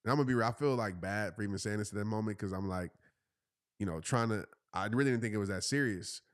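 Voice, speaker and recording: Guy in his 30s telling a story, lively, does high voices for the people he quotes. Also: fast, dry recording, clean studio sound. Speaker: host. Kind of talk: casual storytelling.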